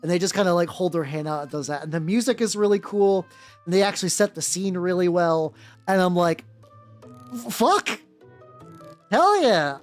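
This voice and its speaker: Painting miniatures on her VTuber stream, a young adult woman chats casually in a low-leaning, a little mellow voice at a fairly quick clip. She rambles, curses freely and fills her talk with "like," while faint music sits behind her.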